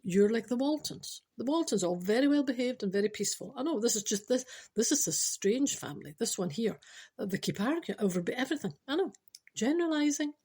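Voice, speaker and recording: A woman's voice: a little high, animated, fairly quick, darkish tone, breathy edge. A Scottish woman in her forties telling a rambling comic story, chatty and self-interrupting, often adding "I know" and ad-libbing. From Scotland. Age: 40s. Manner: chatty, keeps saying "I know", ad-libs and digresses.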